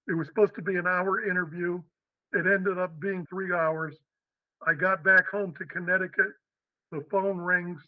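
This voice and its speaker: A man's voice: sits high, no echo, narrow, tinny audio. An older man from Western Pennsylvania, a podcast guest telling stories and acting out the voices in them. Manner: animated, acts out quotes. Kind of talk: storytelling interview.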